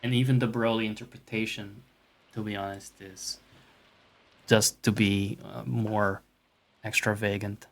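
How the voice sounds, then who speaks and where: A man's voice: fairly low pitch, flat delivery, unhurried, long pauses, fairly bright tone. A man streaming games, talking casually in a rambling, profane way, with self-mocking asides. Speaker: game streamer. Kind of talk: casual chat while gaming.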